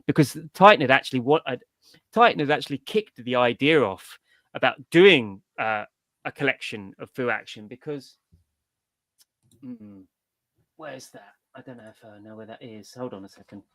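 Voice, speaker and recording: A man's voice: medium pitch, lively intonation, moderate pace, fairly bright tone, dry recording. A middle-aged man, a comics writer, in a casual interview, telling his story in a rambling, digressive way.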